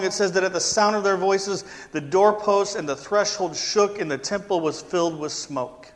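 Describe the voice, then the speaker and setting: A man preaching a sermon, stressing key words by repeating them and slowing down. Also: high-pitched, a bit bright, big-room sound. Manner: emphatic repetition, slowing for stress. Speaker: pastor.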